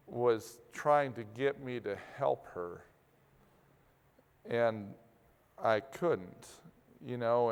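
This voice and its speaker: A man speaks candidly to a live audience. He talks slowly and plainly, stopping and restarting mid-thought. His voice is gravelly yet smooth, carried by the long reverb of a large hall. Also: medium pitch. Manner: open, plainspoken, halting with restarts. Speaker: agricultural producer speaking to an audience. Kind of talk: candid personal talk.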